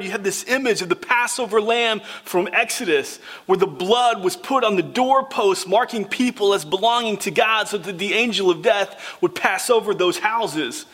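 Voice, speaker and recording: A man's voice: sits high, normal speed, a bit bright. A man preaching a sermon, reading scripture and speaking earnestly with repeated phrases for emphasis. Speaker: pastor.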